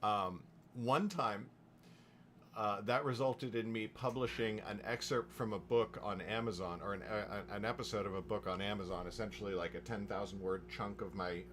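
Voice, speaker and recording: A man talking casually while streaming his writing session, rambling with restarts and quick asides. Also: on the low side, fairly even intonation, noisy background. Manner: rambling, with frequent restarts and chuckles. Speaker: novelist livestreaming his writing. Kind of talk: casual livestream chat.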